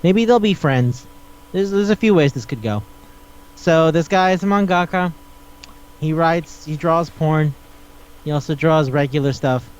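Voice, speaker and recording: A man's voice: a little high, unhurried, pauses often, clean tone, muffled recording. A man hosting a casual podcast chat, rambling and swearing as he retells scenes and acts out the dialogue. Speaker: podcast host.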